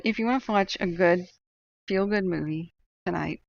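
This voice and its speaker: Gravelly low-voiced woman streamer. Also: moderate pace, muffled recording. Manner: opinionated, chatty, laughs often. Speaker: livestream host reading chat. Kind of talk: casual livestream chat.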